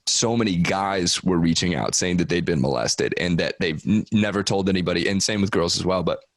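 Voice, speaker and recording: A man with a very low voice hosts a podcast, asking questions in an easygoing, curious way. His voice sounds close and dry, with no room echo. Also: brisk. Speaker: podcast host. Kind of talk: casual interview chat.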